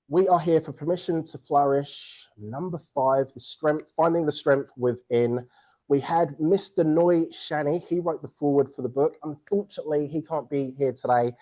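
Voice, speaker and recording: A person hosting a virtual book launch over a video call, energetic and playful, joking with the audience. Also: mid-range voice, low-quality recording. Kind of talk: upbeat event hosting.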